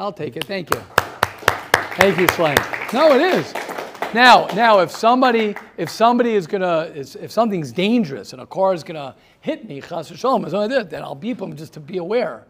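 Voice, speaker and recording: His voice sits high and he speaks fairly quickly, a rabbi giving a motivational seminar talk to a small group. He's an animated storyteller who names his listeners and stresses points by repeating words.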